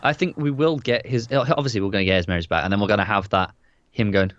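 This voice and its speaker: A man's voice: fairly low pitch, racing, a bit bright, no room sound. A man co-hosting a casual TV review podcast who backs up his partner with short replies. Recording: dull, dry lo-fi sound.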